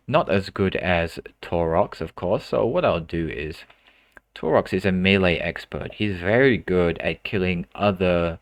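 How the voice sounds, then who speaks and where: A deep-voiced man narrates a strategy game for beginners. He explains each move in a calm, thinking-aloud way, often repeating a word before going on. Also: dry recording. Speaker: gaming tutorial host. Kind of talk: gameplay commentary.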